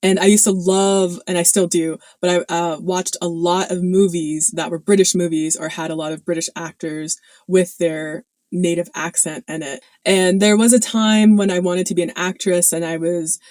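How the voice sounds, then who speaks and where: A woman's voice: fairly low pitch, fairly even intonation, moderate pace, few pauses, darkish tone, no room sound. Chatty woman, dry close sound. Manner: chatty, many fillers, laughs often. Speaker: video host. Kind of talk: casual talk to camera.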